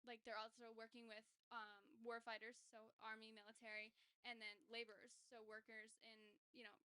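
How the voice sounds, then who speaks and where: A woman's voice: on the high side, little pitch movement, fairly quick, sharp tone, clean tone, no room sound. A young adult woman, a kinesiology doctoral student, chatting eagerly as a podcast guest and filling her talk with "like". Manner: chatty and enthusiastic, many "like"s. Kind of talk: casual podcast interview.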